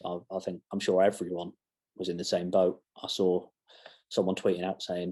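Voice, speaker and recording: Brief: deep, husky young male fan vlogger, chatty and self-deprecating, meanders off topic. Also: little pitch movement, normal speed, pauses often, a little mellow. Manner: rambling, self-mocking asides. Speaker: fan channel presenter. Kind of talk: casual football match reaction.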